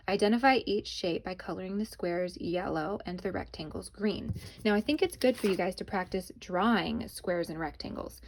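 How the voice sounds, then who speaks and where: In a casual video lesson for kids, a cheerful young woman speaks at a moderate pace in a medium-pitched voice with a darkish tone. She is chatty, addresses the children as "guys," and records on a phone she holds in her hand.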